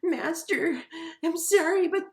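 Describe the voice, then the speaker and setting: A man's voice: very high voice, slow, pitched above the performer's own voice, exaggerated voice. A man voicing a timid little goblin henchman who cowers and apologizes. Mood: cowering.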